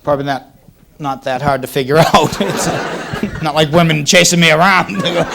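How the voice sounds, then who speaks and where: A Boston-area man in his thirties performs a wry, self-mocking stand-up set on a comedy club stage before a laughing crowd. His voice is on the high side, creaky, and moderately paced, with noisy background from a 1980s cable TV taping.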